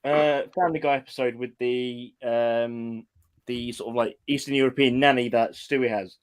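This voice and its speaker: A man's voice: mid-range voice, steady tone, normal speed, clean tone. A man hosting a stream, chatting casually and laughing often. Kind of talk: casual chat.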